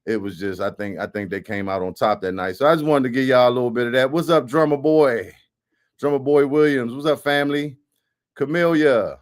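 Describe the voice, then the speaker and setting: A man's voice: medium pitch, fairly quick. A man hosting an online radio show, chatting casually with listeners and loosely introducing the topic.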